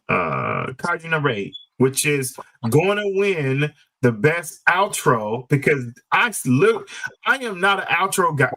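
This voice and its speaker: A man's voice: fairly high pitch, pushed and bright, low-quality recording. A man hosting a casual chat show, emphatic and opinionated, repeating his points for stress. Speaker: show host.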